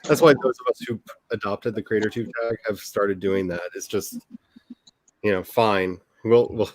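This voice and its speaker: A man hosting a casual talk among writers, chatty and animated, often restarting his sentences. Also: fairly low pitch, moderate pace. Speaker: author and channel host. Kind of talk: casual chat.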